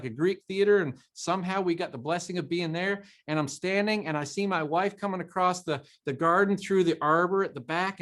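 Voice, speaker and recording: A man's voice: sits high, fairly bright tone. A man co-hosting a motivational talk show, speaking emphatically, quoting scripture and repeating phrases for emphasis. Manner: emphatic, preachy, quotes scripture.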